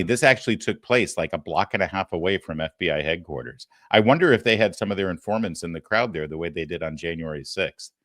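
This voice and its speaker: A man's voice: low voice, a bit bright, dry recording, studio quality. A middle-aged man hosting a talk show, giving sarcastic, mocking political commentary.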